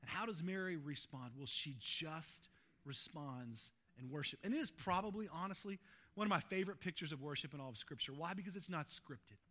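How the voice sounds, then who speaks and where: A male pastor preaching a sermon, swinging between hushed, slow lines and loud, fervent passages. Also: on the high side, animated.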